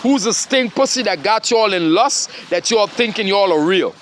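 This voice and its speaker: Man, high register, confrontational profane rambling rant, faint background noise. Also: animated, normal speed, fairly bright tone. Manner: confrontational, profane, repeatedly says "dog" and "huh". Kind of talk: rambling monologue.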